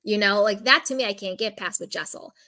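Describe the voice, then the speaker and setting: Speaking fairly quickly in a bright, forceful mid-range voice, a woman weighs in on a reality show. She's candid and opinionated, with "like" sprinkled all through her casual talk.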